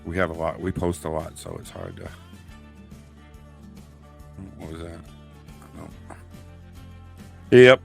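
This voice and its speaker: A man's voice: rumbling low, moderate pace, creaky, music in the background. A man co-hosting a podcast, telling a story casually and acting out the quotes. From New England. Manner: animated storyteller, acts out quotes. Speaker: podcast co-host.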